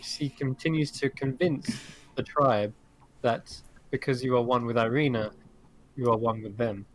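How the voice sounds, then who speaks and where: A man's voice: medium pitch, steady tone, a little slow. Game master, male, easygoing narrator with frequent chuckles. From Britain.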